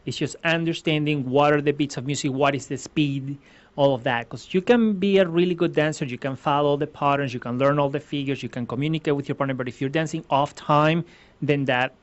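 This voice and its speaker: A man's voice: on the high side, a little fast. A man from Venezuela, a ballroom dance instructor answering interview questions earnestly, explaining step by step with many restarts. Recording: slightly muffled lo-fi sound.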